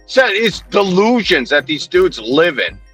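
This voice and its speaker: Profane, mocking male streamer, high and lively. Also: a little slow, husky, faint music behind. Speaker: livestreamer. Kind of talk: heated livestream rant, greeting chat.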